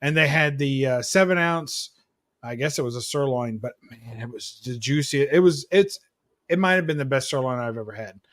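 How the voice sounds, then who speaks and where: A man's voice: mid-range voice, moderate pace, fairly bright tone. A man on a video call hangout, chatting casually and rambling through a story with fillers. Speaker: panel guest. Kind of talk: casual chat.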